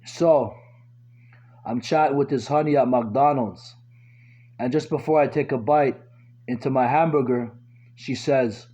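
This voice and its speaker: A man's voice: medium pitch, steady tone, unhurried, pauses often, warm tone, slightly rough, muffled recording. A man doing stand-up, telling crude, slangy joke stories and acting out each quote himself. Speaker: stand-up comedian. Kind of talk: stand-up jokes told as short stories.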